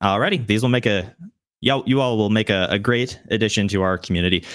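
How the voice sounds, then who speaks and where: A man's voice: on the low side, fast, dry recording, studio quality, close to an everyday voice. A man voicing a male city gate guard, falsely cheerful and overly welcoming.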